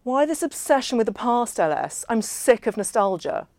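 A woman doing a blunt, swearing dinner host, loud and dismissive, raised voice, dry close sound. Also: fairly high pitch, very animated, moderate pace, no echo, pitched above the performer's own voice. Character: brash, drunken, swearing male host at dinner.

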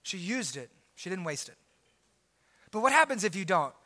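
Preaching at a moderate pace in a sing-song manner, a pastor uses a high, bright, forceful voice, shifting from loud, emphatic declarations to hushed, intense asides.

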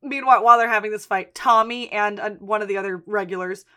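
A woman's voice: mid-range voice, fast, sharp tone. A woman co-hosting a podcast, casually recapping episodes and acting out characters' lines as she goes. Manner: acts out characters' lines while retelling scenes. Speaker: podcast co-host.

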